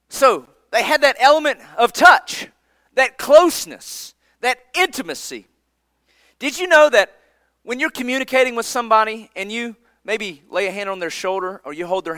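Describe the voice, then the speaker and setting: A man preaching a sermon, earnest and emphatic, often dropping his voice low for effect. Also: big pitch swings, normal speed, sharp tone, no room sound. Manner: earnest, emphatic preaching with dramatic drops in volume.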